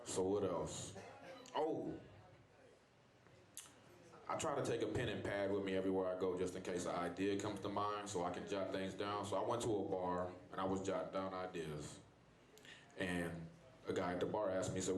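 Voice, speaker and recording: A man's voice: low-pitched, steady tone, moderate pace. A man performing a stand-up set, telling loose, profane stories and talking back to the crowd. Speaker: stand-up comedian. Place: bar comedy stage. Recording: echoey club with loud crowd. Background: crowd laughing.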